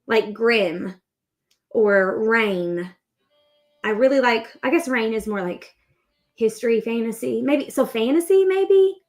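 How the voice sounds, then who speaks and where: Hosting a crochet livestream, a woman in her thirties chats in an upbeat, rambling way as she works. Her voice is a little high and animated, with a darkish tone and a slow pace.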